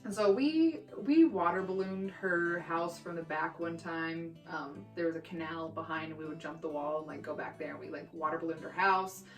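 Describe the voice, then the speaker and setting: A young woman from Texas telling childhood stories in a brash, profane, animated way for her vlog. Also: low-pitched, moderate pace, few pauses. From Texas, USA. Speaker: vlogger. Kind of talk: storytime vlog. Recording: roomy echo, distant mic, faint guitar music.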